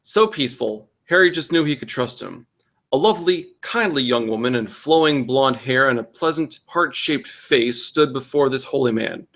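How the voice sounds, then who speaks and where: A man's voice: medium pitch, normal speed, a bit bright. A young man reading bad fanfiction aloud for comedy, putting on exaggerated voices and breaking off with exasperated asides.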